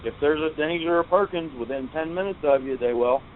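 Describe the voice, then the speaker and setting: A man's voice: a little high, quick pace. A man calling in to a radio show, joking easily with the host. His voice comes through a tinny, phone-like line. Faint hiss sits under it. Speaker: caller. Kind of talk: casual call-in chat.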